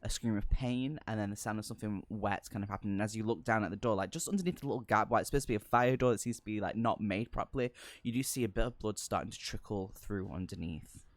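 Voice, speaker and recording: A man's voice: fairly low pitch, quick pace, hardly any pauses, dry recording. A man narrating as game master of a tabletop horror game, with lots of ums and hesitant descriptions. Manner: hesitant, many ums and kind-ofs.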